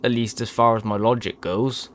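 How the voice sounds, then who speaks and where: A man's voice: medium pitch, fairly even intonation, normal speed, fairly bright tone. A young man giving let's-play commentary to his viewers, frustrated and swearing often. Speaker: gaming video creator.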